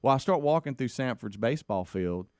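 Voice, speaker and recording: A middle-aged man, co-hosting a radio talk show and telling a long personal story in casual chat, animated and playing out the other people in it. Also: fairly quick, clean tone, no echo, studio quality. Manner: animated storyteller who acts out quotes in a higher voice.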